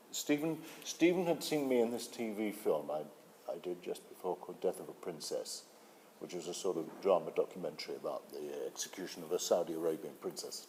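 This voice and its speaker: An older British man, an actor, telling stories in an interview in a relaxed way, with fillers and restarts. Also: low voice, slight background noise. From Britain. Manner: relaxed storytelling with hesitant fillers. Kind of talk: interview anecdote. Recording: hall reverb with faint music.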